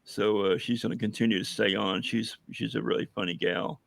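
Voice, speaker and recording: A hoarse man chatting casually on a livestream as a veteran guest, rambling with many fillers and telling jokes. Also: on the low side, steady tone, brisk, fairly bright tone, dry recording. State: hoarse, losing his voice. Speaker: veteran guest running a coffee business.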